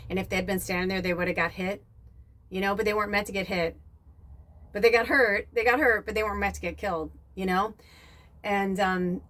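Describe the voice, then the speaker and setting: Woman podcast host, chatty rambling solo talk, lively retelling. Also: fairly low pitch. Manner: rambling, full of "like" and "you know"; animated when retelling scenes. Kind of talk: casual monologue.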